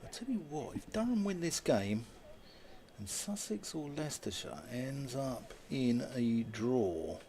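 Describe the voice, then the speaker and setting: A man's voice: mid-range voice, unhurried. A man giving live ball-by-ball radio commentary on a cricket match. He calls the play and lifts his voice when a big shot comes. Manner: lively play-by-play, rising with big shots.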